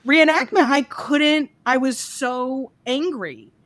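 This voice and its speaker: A woman's voice: high-pitched, slow, fairly bright tone, no echo. A woman therapist co-hosting a podcast, talking candidly about her work with frank, exasperated asides. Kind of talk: casual chat.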